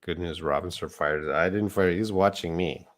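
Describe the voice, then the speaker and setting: A man's voice: deep voice, moderate pace. A man teaching a live online English lesson, explaining words patiently and reading out viewer comments.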